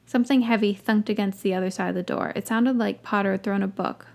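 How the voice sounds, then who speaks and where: A woman's voice: medium pitch, steady tone, fast, creaky, a little mellow. Woman reading a story aloud, dry asides. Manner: wry, dry asides between passages. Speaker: podcast host reading fan fiction.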